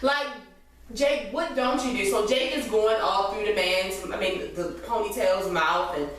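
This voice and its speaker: A woman in a casual, profane TV recap chat, acting out the characters' lines in quick voices. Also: medium pitch, fairly bright tone, distant mic. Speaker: TV recap podcast co-host. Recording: echoey room, voice off-mic.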